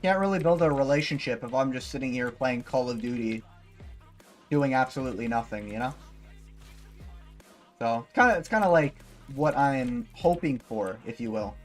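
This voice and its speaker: A man's voice: mid-range voice, lively intonation, moderate pace, soft background music. A man livestreaming while gaming, chatting casually and rambling, swearing freely and leaning on fillers.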